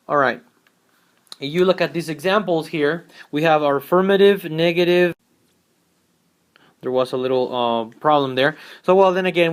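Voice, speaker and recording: A man teaching an English grammar lesson, speaking slowly and repeating each example sentence twice. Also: on the high side, clear, resonant tone.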